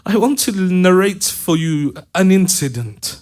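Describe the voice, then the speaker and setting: A man's voice: high-pitched, expressive, measured pace, darkish tone, pitched below the performer's own voice. A man preacher voicing a grieving older woman pleading with her brother, tearful and rising to wailing cries. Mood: sorrowful.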